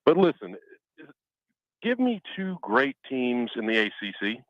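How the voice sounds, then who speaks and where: A man's voice: mid-range voice, big pitch swings, measured pace, dry recording, muffled recording. A man co-hosting a sports talk show in a mock-formal, sarcastic manner. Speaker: co-host. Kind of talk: casual sports chat.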